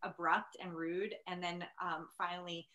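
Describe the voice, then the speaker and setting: A woman's voice: on the low side, flat delivery, a little slow, pushed and bright. A woman on a panel, chatting casually and telling a personal story with lots of fillers. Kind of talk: casual chat.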